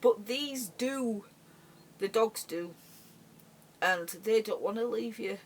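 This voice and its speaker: A middle-aged woman talks straight to camera in a personal vlog. She speaks haltingly and emotionally, stumbling and repeating words as she goes. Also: on the high side. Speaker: vlogger.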